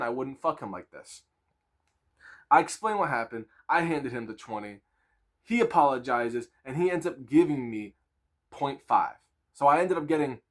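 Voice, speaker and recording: A man in his twenties telling a casual storytime with crude slang, animated and laughing. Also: medium pitch.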